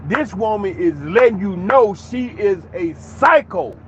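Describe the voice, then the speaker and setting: A man's voice: sits high, animated, unhurried, a crowd in the background. A man giving an opinionated commentary monologue in an emphatic, preachy way, with many rhetorical questions. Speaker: commentary channel host.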